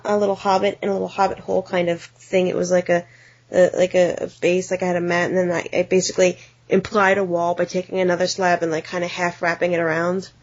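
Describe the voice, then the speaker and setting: A young American woman co-hosting a podcast in casual chat, talking quickly with many fillers and restarts. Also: lowish voice. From United States. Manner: chatty, many fillers and restarts, acts out silly voices. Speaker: podcast co-host and editor. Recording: somewhat dull lo-fi audio.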